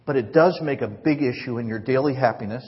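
Husky-voiced male pastor preaching in a hall. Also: medium pitch, fast. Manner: earnest, conversational preaching with acted quotes. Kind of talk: sermon. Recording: reverberant, dull lo-fi hall recording.

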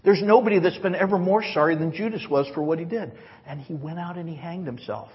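A man's voice: fairly high pitch, fast, breathy edge. A male pastor preaching a sermon in a large church hall, earnest and conversational, often acting out quoted lines. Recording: reverberant, dull lo-fi hall recording.

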